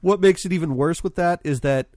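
A man on a podcast telling stories in a lively, animated way and swearing freely in a casual movie chat. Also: fairly high pitch, fairly quick, dry recording, studio quality. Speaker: podcast co-host.

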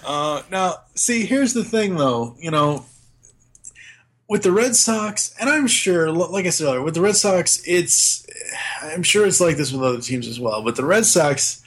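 A man's voice: on the high side, lively intonation, moderate pace, husky. A man on a podcast, casually recapping a film's plot with lots of fillers and restarts. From Boston area. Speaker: podcast co-host. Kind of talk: casual movie discussion.

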